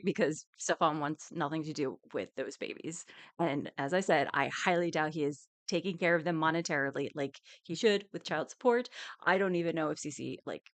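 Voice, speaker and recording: A woman's voice: lowish voice, fairly bright tone, dry recording. A woman streaming a live reaction, ranting angrily and swearing, with bursts of laughter.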